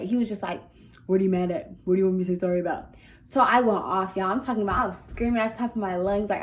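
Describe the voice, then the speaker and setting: Young woman vlogger, candid, rambling Q&A chat, mid-pitched voice. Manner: chatty and candid, lots of "like". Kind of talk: casual Q&A vlog. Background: faint music early on.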